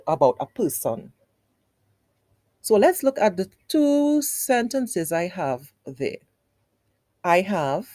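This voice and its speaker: A woman teaching young children, with a low, mellow voice that swoops widely up and down. She talks unhurriedly and patiently, repeating each point in a sing-song way, as if speaking straight to the class. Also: no echo. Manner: patient, explains step by step with repetition.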